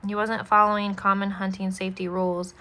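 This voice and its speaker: A woman reading as a calm, caring mother. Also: medium pitch, fairly quick, lightly acted. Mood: gentle.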